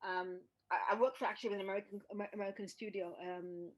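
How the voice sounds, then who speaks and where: A woman's voice: mid-range voice, steady tone, fast talker. A middle-aged woman in casual chat, an outspoken storyteller who acts out the voices of people in her stories. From England. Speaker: podcast host.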